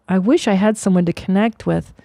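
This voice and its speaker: A woman's voice: medium pitch, gravelly, mellow, no echo. A woman in her forties hosting a comedy podcast, riffing in a sarcastic, profane way. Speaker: podcast host.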